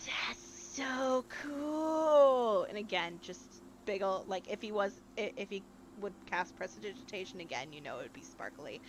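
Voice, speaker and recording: A woman's voice: on the low side, brisk, hardly any pauses, slight background noise. A woman narrating as game master of a tabletop game in a chatty, rambling way.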